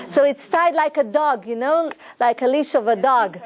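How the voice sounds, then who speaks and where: Earnest high-voiced woman teaching. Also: unhurried, few pauses. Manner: earnest, preaching, retells stories with quoted voices. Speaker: Torah teacher. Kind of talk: lesson to a women's group.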